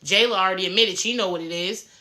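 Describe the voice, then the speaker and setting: A woman's voice: mid-range voice, fast talker, bright, forceful tone, poor audio. A woman giving blunt, profane, sassy commentary on a reality show in a casual chat.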